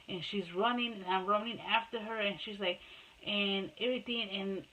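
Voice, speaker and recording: A woman's voice: medium pitch, normal speed, a bit bright, low-quality recording. Casual storyteller, a woman who rambles and restarts a lot, mixes in spanish. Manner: switches between Spanish and English. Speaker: mother telling her life story.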